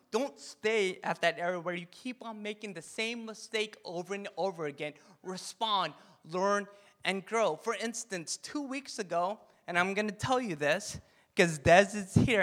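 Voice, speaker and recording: Bright, high-voiced animated man preaching. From Korean heritage. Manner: animated, jokey, leads call-and-response chants. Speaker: pastor. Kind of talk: sermon talk.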